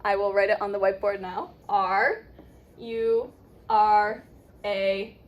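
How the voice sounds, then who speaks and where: A young woman teaching English pronunciation in a casual lesson, upbeat and coaching, with slow repeated demonstrations. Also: medium pitch, flat delivery, lo-fi sound.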